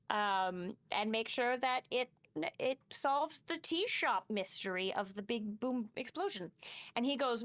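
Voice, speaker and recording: A woman's voice: medium pitch, lively intonation, takes it slowly, a bit bright, no room sound. A woman streaming gameplay live, reading game text aloud and swearing as she talks to chat.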